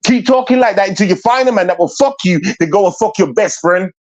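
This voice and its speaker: A man's voice: high voice, fast, highs cut off. A man ranting bluntly and confrontationally into the camera, repeating himself for emphasis. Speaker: vlogger. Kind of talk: ranting commentary.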